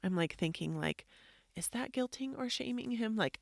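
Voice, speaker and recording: A thirtysomething mother hosting a podcast talks reflectively about her parenting difficulties in a mid-range, animated, unhurried voice with vocal fry and a fairly bright tone. The recording is dry and studio quality, and she's chatty, leans on "like," and acts out what people told her.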